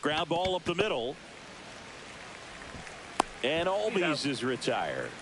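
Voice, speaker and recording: A man voicing a brisk, upbeat play-by-play announcer in a baseball video game, with a polished broadcaster delivery. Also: fairly high pitch, sing-song, noisy background. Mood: calling play.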